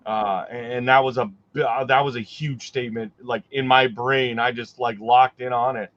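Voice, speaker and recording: A man's voice: medium pitch, fairly even intonation, moderate pace, fairly bright tone, lo-fi sound. A man co-hosting a casual livestream chat, speaking in a hesitant, conversational way with many fillers. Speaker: co-host.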